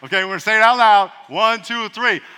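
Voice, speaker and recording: Male pastor, sermon, call-and-response, very bright tone, echoey church hall. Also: high-pitched, a little fast, clean tone. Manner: call-and-response preaching, playful asides.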